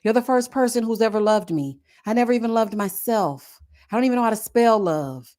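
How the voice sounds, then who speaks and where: Animated sassy woman live-streaming. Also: on the high side, a little fast. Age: adult with a child. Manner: sassy, animated, frequent laughing asides. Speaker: YouTube host reviewing a reality dating show. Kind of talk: casual live-stream chat.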